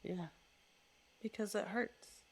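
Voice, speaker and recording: A middle-aged woman talks as a podcast guest, earnest and emphatic, and she leans on repeated phrases to make a point. Her pitch sits in a typical middle range. The tone is reflective and direct, like practical advice from a coach. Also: slow pace, slightly rough. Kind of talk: reflective interview conversation.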